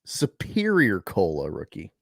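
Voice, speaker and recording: A man's voice: low voice, huge pitch swings, a little slow, vocal fry, no room sound, clean studio sound. A man hosting a casual live stream about comic books. He rambles, swears freely and talks with sarcasm. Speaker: host. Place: home room at a table.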